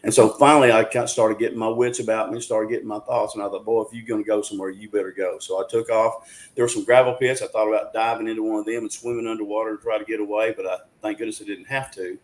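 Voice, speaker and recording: A man's voice: on the low side, little pitch movement, quick pace. A man, telling a story as an interview guest in an earnest, folksy way, with frequent restarts. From Arkansas, USA. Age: 60s.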